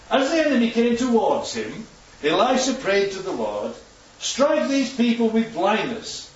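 A man's voice: high voice, a little hiss or hum. A man giving an informal Bible talk as a preacher, chatty and often checking in with his listeners. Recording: echoey, distant, dull sound.

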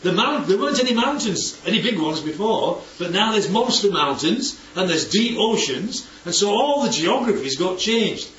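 Lively man leading Bible study. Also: high voice, moderate pace, few pauses, a little hiss or hum. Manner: animated, asks for agreement often. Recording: roomy, distant, dull recording with faint background ambience.

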